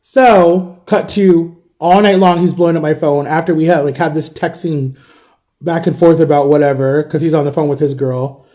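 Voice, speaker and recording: A man's voice: on the high side, steady tone, moderate pace, mellow. A man in his thirties telling a personal story in a casual storytime vlog, animatedly retelling a conversation and quoting both sides of it.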